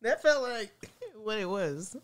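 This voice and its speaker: A woman's voice: mid-range voice, lively intonation, measured pace. A woman co-hosting a podcast, teasing and playful in casual chat. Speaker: podcast co-host.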